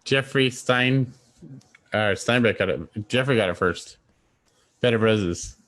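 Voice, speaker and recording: A man's voice: lowish voice, slow, a bit bright. A man co-hosting a casual online guessing game, joking and reading out viewers' guesses over a video call. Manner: jokey, reads out viewers' guesses. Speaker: co-host. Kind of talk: casual live-stream game chat.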